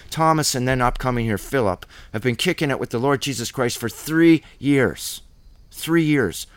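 A man's voice: medium pitch, no room sound. A man teaching scripture in a conversational Bible study, reading verses aloud and explaining them plainly.

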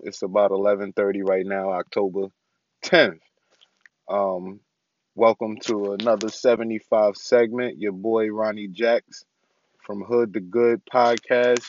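A man's voice: on the low side, dull audio. A young man hosting his own podcast, giving a casual, rambling update from inside his parked car with lots of ums. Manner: laid-back, rambling with many ums. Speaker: podcast host.

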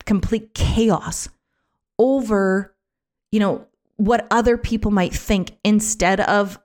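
A woman talking casually on her own podcast, chatty and animated, with many fillers and restarts, sometimes acting out other people's voices. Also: mid-range voice, takes it slowly. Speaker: podcast host. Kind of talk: casual solo podcast talk.

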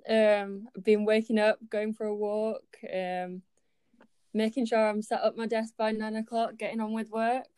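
A woman's voice: mid-range voice, level tone, normal speed, mellow, clean tone, no echo, clean studio sound. A woman in her twenties from Yorkshire, a student chatting as an interview guest, with frequent ums and easy laughter. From Yorkshire, England. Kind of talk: casual interview chat.

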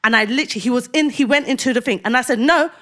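A woman's voice: fairly high pitch, very fast. A young woman, co-hosting a casual podcast chat and acting out heated exchanges with rising intensity. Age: young adult. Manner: animated, acts out quoted exchanges with rising intensity. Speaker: podcast co-host.

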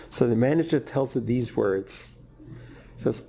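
A man preaching a sermon and telling a story, speaking slowly and emphatically with deliberate pauses. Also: medium pitch, gravelly, dark tone.

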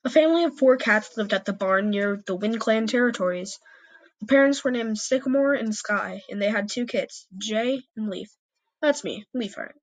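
A young woman reading her own cat story aloud in first person, earnest and slightly halting. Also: medium pitch.

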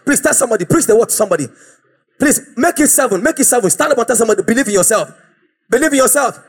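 A man preaching a fiery, exhorting sermon and often shouting out to the congregation. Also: extremely high pitch, lively intonation, racing, slightly rough.

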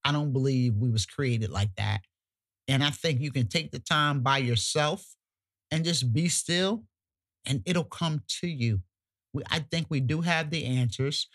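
Emphatic, preachy woman podcast host. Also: a little slow. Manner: emphatic, preachy, colloquial, with occasional cussing; pitch jumps high when worked up. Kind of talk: casual podcast chat.

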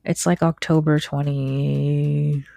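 A woman's voice: low-pitched, flat delivery, slow, creaky, mellow, no echo. A woman co-hosting a casual podcast chat about astrology, laid-back and hesitant, trailing off with fillers. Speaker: podcast co-host.

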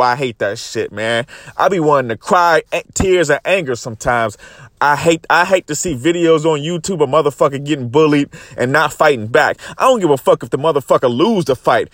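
A young vlogger recounts a story on his phone, his fairly high, expressive voice moving at a normal speed with a fairly bright tone. The audio is clean studio sound without echo, and his monologue is heated and profane, full of "guys" aimed at viewers.

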